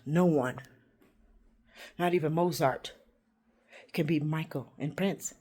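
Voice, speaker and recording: A woman vlogging a rambling, confrontational monologue, swinging between loud outbursts and hushed whispers. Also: deep voice, takes it slowly, husky. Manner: confrontational, addresses unseen listeners.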